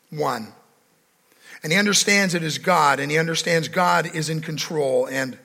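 Pastor, male, high gravelly voice, emphatic preaching, reverberant church hall. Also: pushed and bright. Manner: preaching with emphatic repetition and rising intensity. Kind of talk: sermon. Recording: echoey hall with long reverb.

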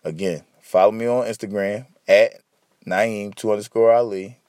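A tired man, talking to his listeners in a loose, profane, rambling solo podcast. His voice sits fairly low and sounds sleepy. It is recorded dry and close, with hardly any room sound. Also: fairly even intonation, normal speed, darkish tone, no echo. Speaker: podcast host. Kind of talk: casual solo rambling monologue.

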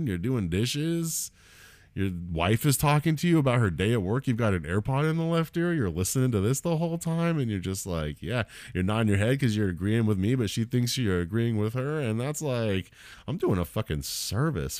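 A man's voice: mid-range voice, big pitch swings, fairly quick, a little mellow, no room sound. A man hosting a solo comedy podcast, rambling, swearing a lot and mocking himself. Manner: profane, rambling, self-deprecating. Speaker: podcast host and stand-up comedian. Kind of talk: casual solo podcast monologue.

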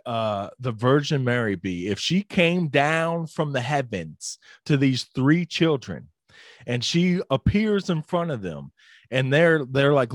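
A man at a middle pitch tells a story in loose, casual chat. He leans on "like" and "dude" and swears freely. The recording is dry, with almost no room sound. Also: no echo. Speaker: podcast co-host telling a story.

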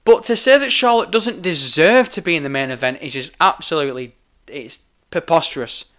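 A man's voice: on the high side, brisk, fairly bright tone. A young man delivering a heated, opinionated rant, emphatic and swearing often. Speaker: wrestling commentator.

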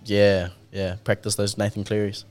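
A man's voice: lowish voice, little pitch movement, moderate pace, a little hiss or hum. A young man hosting a casual podcast, swearing freely and telling stories with acted-out dialogue. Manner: laid-back, swears a lot, tells stories with acted-out dialogue. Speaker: podcast host.

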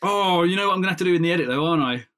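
A man's voice: high-pitched, expressive, rapid-fire, bright, forceful tone, clean tone. A man hosting a casual podcast, playful and teasing, laughing often. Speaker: podcast host.

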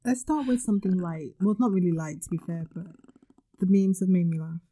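A woman's voice: fairly low pitch, a little fast, warm tone. A woman co-hosting a casual chat podcast, chatting in an easygoing way. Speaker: podcast co-host.

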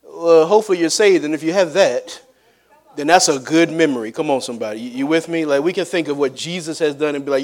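High-voiced chatty male preacher. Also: fast talker, a bit bright. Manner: chatty, laughing asides, calls out to congregation. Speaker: evangelist preacher. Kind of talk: conversational sermon. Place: church sanctuary.

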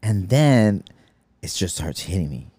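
A man's voice: low-pitched, sing-song, a little slow, mellow, husky, no room sound. A man co-hosting a podcast, rambling through anecdotes full of swearing and "I'm like.". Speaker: podcast co-host. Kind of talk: casual profane chat.

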